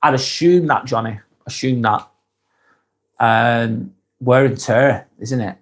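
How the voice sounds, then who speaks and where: Lancashire man hosting a live vlog, chatty and unhurried, lots of ums, sounds tired; read comments and reply warmly. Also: medium pitch. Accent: Lancashire English. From England. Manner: reads comments aloud and answers in a relaxed, chatty way with many ums and restarts. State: fatigued. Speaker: live-stream host. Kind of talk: casual live-stream chat reading comments.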